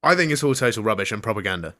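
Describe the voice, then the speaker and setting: A man's voice: fairly low pitch, expressive, racing, a bit bright. A man hosting a comedy radio show, reading mock news in a jokey newsreader manner. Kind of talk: comedic retro radio banter.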